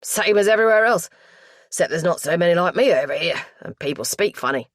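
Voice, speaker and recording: A woman's voice: on the low side, lively intonation, brisk, dry recording, clean studio sound, lightly acted. A woman voicing a cheery, chatty young male mortuary assistant with a strong Cockney accent. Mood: cheeky banter. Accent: East London (Cockney). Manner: cheeky, loud, drops into thick slang.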